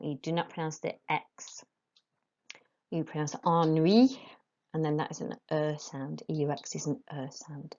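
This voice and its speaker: Slow-speaking woman teacher, dull recording. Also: sits low, steady tone, warm tone. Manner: slow, deliberate dictation of French phrases with English explanations. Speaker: French teacher. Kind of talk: recorded classroom lesson.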